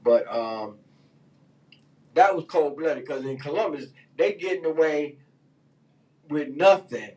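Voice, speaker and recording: A man's voice: fairly high pitch, animated, slow pace, pauses often, a little mellow, far from the mic, poor audio. A man hosting a radio talk show, ranting in loose, heated slang with lots of fillers. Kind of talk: casual opinion talk.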